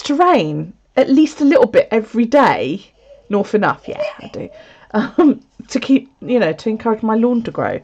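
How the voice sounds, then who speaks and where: Woman vlogger, casual chat, cheerful swearing, lively pitch, lo-fi home sound. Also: normal speed. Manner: chatty, swears freely, lots of laughter. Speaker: video creator. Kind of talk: casual live chat to viewers. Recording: dull lo-fi sound.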